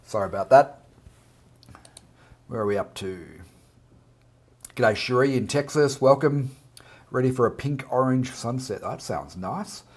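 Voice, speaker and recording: A man's voice: mid-range voice, measured pace, long pauses, husky. A man with an Australian accent, hosting a casual live art chat and greeting viewers by name as he reads out their comments.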